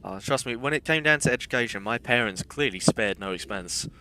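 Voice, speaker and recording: A young man with a mid-range, expressive voice talks a little fast over background noise. Streaming a game, he rambles through casual anecdotes and pokes fun at himself, mixing gameplay commentary with storytelling.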